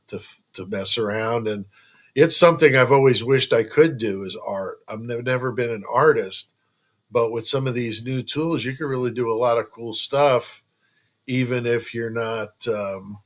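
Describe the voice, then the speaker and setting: A man's voice: on the low side, fairly bright tone. A man hosting a casual true crime live stream from home. He rambles and jokes, with lots of fillers and restarts.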